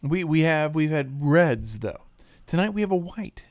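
A man's voice: fairly high pitch, lively intonation, moderate pace, darkish tone. A man hosting a casual wine podcast, joking and rambling as he talks. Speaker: podcast host.

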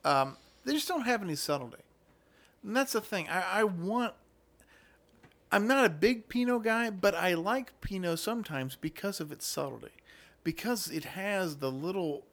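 A man's voice: sits high, animated, normal speed, a bit bright. Blunt, opinionated man talking wine. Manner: opinionated, blunt, swears freely. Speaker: podcast host. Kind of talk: casual chat about wine.

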